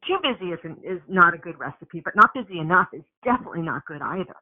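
A woman hosting a casual conversation, speaking in a measured, gently teasing way. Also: lowish voice, lively intonation. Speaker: podcast host. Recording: phone-like narrow sound.

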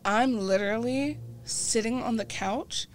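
A woman's voice: fairly high pitch, a little slow, slight background noise. A woman co-hosting a podcast, telling a rambling story in casual chat and laughing often. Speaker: podcast co-host.

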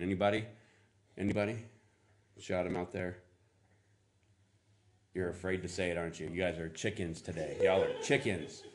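A middle-aged man preaching a casual sermon, rambling and chatty as he coaxes answers from the congregation. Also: fairly low pitch. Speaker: pastor.

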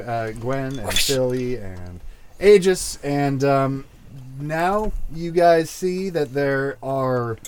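A man narrating as game master for a tabletop game, slow and hesitant with many fillers. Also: medium pitch, darkish tone.

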